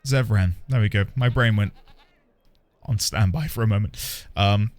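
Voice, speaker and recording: A man's voice: lowish voice, a little slow. A man streaming a video game, chatting playfully and animatedly with his viewers. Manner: playful and animated, talking to chat. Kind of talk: casual gaming commentary.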